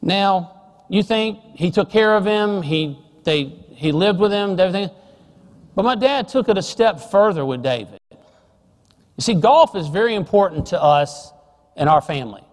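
Man preacher, high voice, middle-aged, storytelling sermon, long hall reverb. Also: lively intonation. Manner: storytelling, drops soft and slow on serious points.

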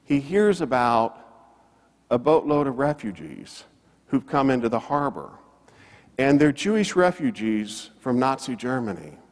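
A man's voice: medium pitch, animated, measured pace. A man preaching a sermon. He tells a story and swings his voice up and down for emphasis. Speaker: pastor. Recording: long reverb of a church hall.

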